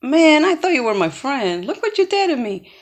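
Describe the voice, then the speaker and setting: A woman's voice: mid-range voice, sing-song, normal speed, gravelly. A woman voicing a wronged male rabbit, upset and accusing his friend. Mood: hurt.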